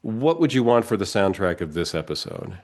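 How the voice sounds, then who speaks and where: A man's voice: low voice, sing-song, a little fast, darkish tone. A man with a cold, co-hosting a podcast in casual chat, rambling and restarting his sentences and laughing often. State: has a cold. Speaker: podcast co-host.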